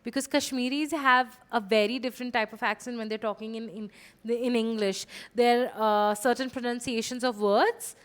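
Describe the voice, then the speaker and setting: A woman's voice: fairly high pitch, fairly even intonation. A young woman from India, a podcast co-host and former international student, talking in an emphatic, opinionated way. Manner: opinionated, emphatic, rapid asides. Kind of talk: casual podcast chat.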